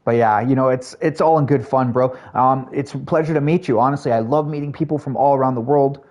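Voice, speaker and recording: A man's voice: medium pitch, a little fast, darkish tone. A man from Canada with a Canadian accent, chatting casually with his viewers while he plays a game, friendly and full of fillers. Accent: Canadian English. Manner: chatty, addresses chat and viewers by name, friendly filler-heavy talk. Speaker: streamer. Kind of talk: casual live-stream chat while gaming.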